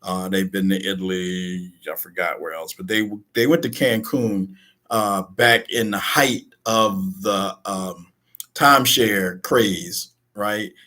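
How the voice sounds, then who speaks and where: A man's voice: deep voice, steady tone, slow pace, pushed and bright. A man co-hosting a casual radio talk show, who jokes around and tells rambling stories full of slang. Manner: joking, rambling storyteller with slang.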